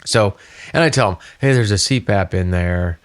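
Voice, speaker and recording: A middle-aged man co-hosting a podcast recounts a story in casual chat, bringing it to life by acting out the voices of the people in it. His voice is on the low side, at normal speed.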